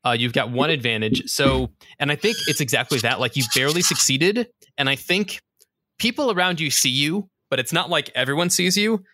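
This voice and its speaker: Bright-voiced man running a tabletop game. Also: a little high, fairly quick, dry recording. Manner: relaxed, explaining rules. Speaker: game master.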